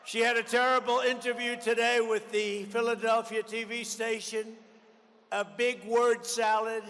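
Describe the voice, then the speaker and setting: A man's voice: very high-pitched, a bit bright. Combative older man at a rally. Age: 70s. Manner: combative, repetitive, mocking. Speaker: political candidate. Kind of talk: campaign rally speech. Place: large rally venue. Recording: long arena reverb, faint background noise.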